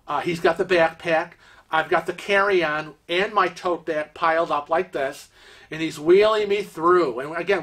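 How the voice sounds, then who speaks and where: Bright-voiced man telling a rambling story. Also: a little high. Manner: rambling, with frequent filler words; lively retelling with acted-out quotes. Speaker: cruise vlog host. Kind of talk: casual storytelling.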